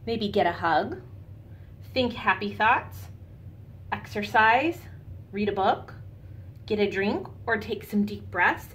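A woman teacher giving a lesson to young children, patient and encouraging, guiding them calmly. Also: medium pitch, takes it slowly, long pauses, a little hiss or hum. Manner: calm, soothing guidance.

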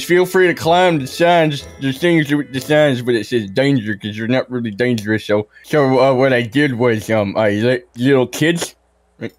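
A man's voice: mid-range voice, no echo, close to an everyday voice. A man voicing a dim-witted hillbilly ex-soldier in a game roleplay, rambling and calling everyone sir. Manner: rambling, saying "sir" constantly.

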